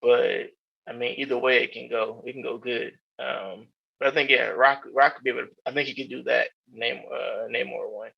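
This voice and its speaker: A male podcast co-host chats casually, rambling through profane opinions and restarting his sentences often. His medium-pitched voice is fairly even in intonation at normal speed, with vocal fry and a breathy edge, and the recording sounds dull and lo-fi.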